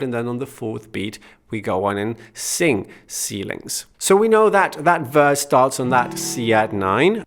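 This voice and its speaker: A man teaching a guitar and singing lesson, patiently explaining step by step and counting beats aloud, with his own guitar playing behind him. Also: a little high. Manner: counts beats aloud and sings short phrases softly. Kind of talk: music lesson.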